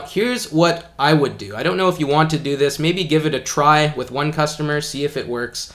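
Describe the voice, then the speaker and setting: A man's voice: mid-range voice, fairly bright tone. A man teaching English in an online video lesson, talking in a casual, friendly, explaining way with some fillers.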